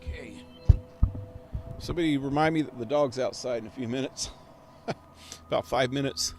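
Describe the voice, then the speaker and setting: A man's voice: mid-range voice, normal speed, faint music behind. A man streaming a game live, rambling and chuckling as he plays and talks to his dog. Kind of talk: live gameplay commentary.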